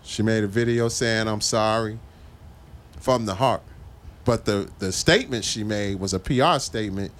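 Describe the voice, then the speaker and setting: A man's voice: on the low side, moderate pace. A man in a casual podcast chat who hesitates and restarts his sentences when he is pressed.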